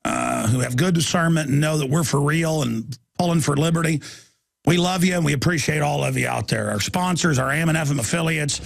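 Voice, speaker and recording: A middle-aged man hosting a radio show, rambling through shout-outs to his team and repeating words for emphasis. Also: fairly high pitch, a little fast, vocal fry, no echo, studio quality. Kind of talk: enthusiastic on-air shout-outs.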